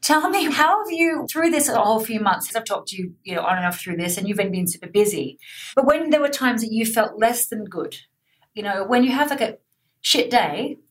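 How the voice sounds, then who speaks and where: A woman interviewer asking questions in a lively, playful, chatty way. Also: fairly high pitch, fairly quick. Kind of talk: casual interview chat.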